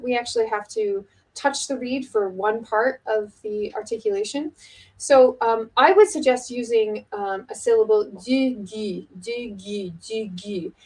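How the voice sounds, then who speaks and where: Casual halting woman oboe teacher. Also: on the high side, darkish tone, rough recording. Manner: casual and halting, many fillers and restarts. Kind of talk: instructional video lesson.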